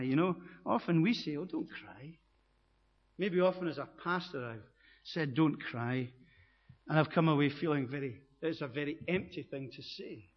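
A man preaching a sermon as pastor, earnest and building to emphatic high peaks. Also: slightly rough. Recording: dull echoey hall recording.

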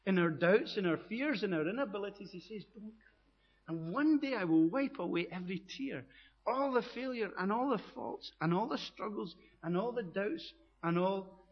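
Male pastor, husky, slightly high voice, sermon delivery, dull recording in a reverberant hall. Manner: earnest preaching, rising emphatic peaks.

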